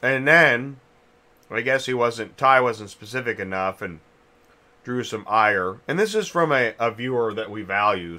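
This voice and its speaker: A man's voice: mid-range voice, lively intonation, a little slow, sharp tone. A man hosting a casual industry chat, rambling and thinking aloud with many restarts while chewing a cough drop. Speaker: podcast host.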